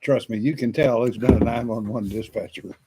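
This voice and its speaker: A man's voice: mid-range voice, steady tone, a little fast, heavy background noise. A man co-hosting a podcast who chimes in with brief remarks during a casual chat. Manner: brief agreeing interjections. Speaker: podcast co-host.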